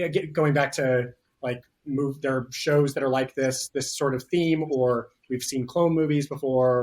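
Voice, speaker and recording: A man speaking as a film director in a relaxed interview, talking thoughtfully with frequent fillers and restarts. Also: mid-range voice. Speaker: writer-director. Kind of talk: casual interview talk.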